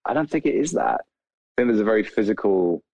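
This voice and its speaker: A man, a video creator, talking casually in an interview with many "like" fillers and animated asides. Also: fairly low pitch, fairly quick, dry recording, dull audio. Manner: rambling, animated, lots of "like" fillers.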